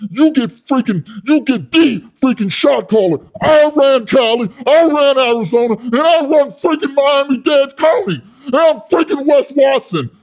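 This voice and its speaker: A man playing a brash, boastful male ex-con fitness coach who brags loudly. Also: high-pitched, big pitch swings, normal speed, voice pushed up. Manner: loud bragging, swearing-lite "freaking".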